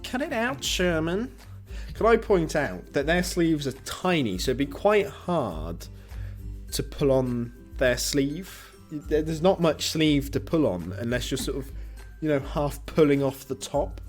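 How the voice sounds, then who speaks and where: Guy streaming a game w friends, slow and rambly, laughs a lot, swears, pitch jumps all over, music in the back. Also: very animated. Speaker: streamer reading a dating game aloud. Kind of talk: casual let's-play banter.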